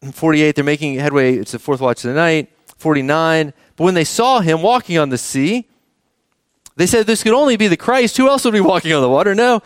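A middle-aged man preaching a sermon as pastor, conversational and animated, often asking the congregation questions. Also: a little high, dry recording, studio quality.

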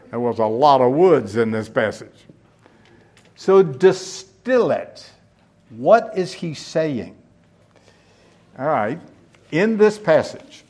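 Male preacher, unhurried delivery, teaching tone, asks the listeners questions. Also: mid-range voice, darkish tone. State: out of breath. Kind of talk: sermon.

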